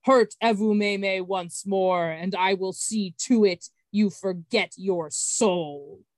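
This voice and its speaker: A woman voicing a huge male mountain spirit who speaks slowly, loudly and with stern command. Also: medium pitch, dry recording, lightly acted. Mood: menacing. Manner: slow, loud, commanding.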